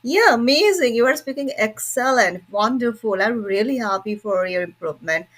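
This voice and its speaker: A woman's voice: on the high side, lively intonation, moderate pace, a bit bright. A woman who teaches English pronunciation, interviewing a student and praising her. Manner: encouraging, praising. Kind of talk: online interview.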